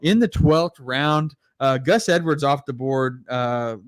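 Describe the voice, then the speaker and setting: A man's voice: mid-range voice, slow, smooth, dry recording. Laid-back man co-hosting, dry close sound. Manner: laid-back, chatty, slips into quoting others. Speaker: podcast co-host. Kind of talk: casual chat.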